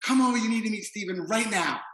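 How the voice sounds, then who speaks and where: Excitable French-accented older woman, high and bursting, roomy sound, as a man puts her on. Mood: excited. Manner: eager, pokey, rapid.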